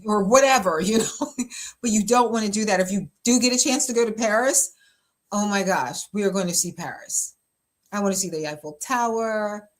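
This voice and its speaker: A woman's voice: on the high side, normal speed. Chatty woman pastor giving advice. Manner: chatty and emphatic, many fillers, frequent laughs. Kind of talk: casual relationship advice talk.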